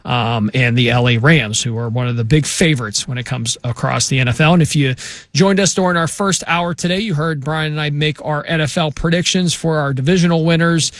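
A man hosting a sports radio show, wrapping up with steady announcer delivery. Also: on the high side, brisk, no room sound, studio quality. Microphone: studio microphone.

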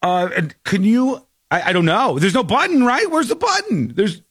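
A man's voice: high voice, big pitch swings, moderate pace, fairly bright tone, husky, no echo, studio quality. A man hosting a casual tech chat show, joking and slipping into silly character voices. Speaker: show host.

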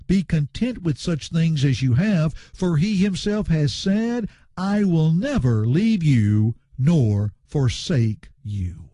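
A man's voice: on the high side, mellow, no echo, clean studio sound. A man preaching a Bible lesson, reading verses aloud and explaining them to his friends in an earnest way. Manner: slow, earnest, reads scripture aloud and explains words. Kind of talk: Bible teaching sermon.

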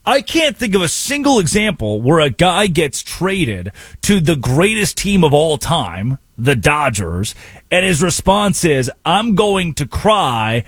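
A man's voice: on the high side, unhurried, breathy edge, no echo. A man hosting a sports talk radio show, arguing his points emphatically in a monologue. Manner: emphatic, animated, argumentative.

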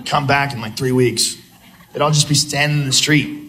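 A man performing stand-up comedy, growing animated and shouting through his bits. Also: medium pitch, normal speed, noisy background. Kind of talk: stand-up set.

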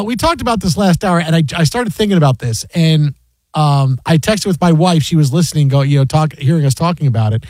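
A man hosting a sports talk show, telling a story and acting out quoted lines in a raised voice. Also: dry recording. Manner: animated storyteller, acts out quotes in a high voice. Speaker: sports radio host.

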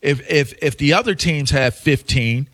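Man calmly debating sports talk. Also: on the high side, normal speed.

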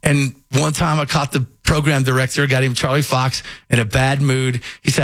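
An animated male radio host from Kentucky with a faint Southern accent, spinning a story in casual studio chat. His pitch sits mid-range, and he slips into other people's voices as he tells it. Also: brisk, hardly any pauses, no echo.

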